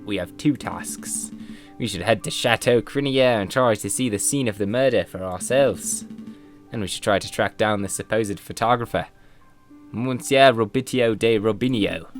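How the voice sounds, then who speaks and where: A man reading as an earnest bird lawyer. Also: lowish voice.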